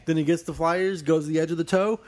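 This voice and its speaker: A man on a podcast telling a long story casually, rambling and profane, loudly acting out his own cries. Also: a little high, fairly even intonation, fast. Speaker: podcast co-host.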